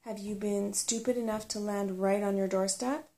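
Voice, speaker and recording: A woman voicing a sharp-tongued female forest creature in soft-spoken ASMR storytelling, mocking and scolding. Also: medium pitch, steady tone, normal speed, close to an everyday voice.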